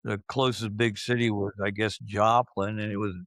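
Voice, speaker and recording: A man in his seventies, reminiscing in a casual interview and speaking slowly, with many fillers and restarts. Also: fairly low pitch, level tone, a bit bright, no echo. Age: 70s. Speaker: interviewee recalling his youth.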